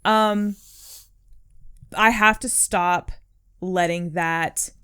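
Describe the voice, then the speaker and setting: A woman's voice: lowish voice, fairly even intonation, drawn-out words, sharp tone, smooth. A young adult woman co-hosting a podcast, chatting casually in an earnest, encouraging way, full of "like" and "um". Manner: earnest, encouraging, heavy use of "like" and "um". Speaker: podcast co-host. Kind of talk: casual chat.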